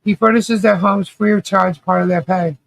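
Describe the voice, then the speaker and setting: A man's voice: high voice, steady tone, normal speed, gravelly. A man hosting a casual livestream commentary, blunt and ranting, swearing freely and reading out viewer chat comments.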